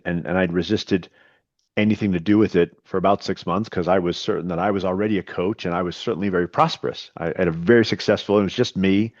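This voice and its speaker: Middle-aged male coach, low voice, earnest storyteller who stumbles and repeats words. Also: no echo, highs cut off. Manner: earnest, with frequent repetitions and restarts. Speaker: podcast guest, coach. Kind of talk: storytelling in an interview.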